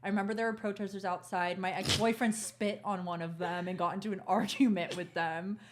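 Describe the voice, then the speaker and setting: A woman's voice: mid-range voice, fairly even intonation, fairly quick, noisy background. A young woman co-hosting a podcast, telling a personal story in a frank, profane, laughing casual chat. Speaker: podcast co-host.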